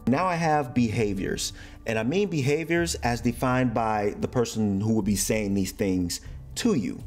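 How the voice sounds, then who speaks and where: A man's voice: mid-range voice, unhurried, darkish tone, soft background music. A man from the United States explaining slang in a casual, playful way, acting out example phrases. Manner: playful, acts out example phrases in shifting voices. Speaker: YouTuber explaining American slang.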